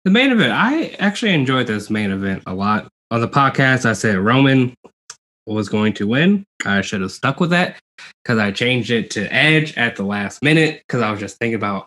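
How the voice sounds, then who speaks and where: Bright-voiced, animated man. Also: medium pitch, normal speed. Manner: animated, acts out quotes in raised voice. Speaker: podcast co-host. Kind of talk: casual podcast review chat.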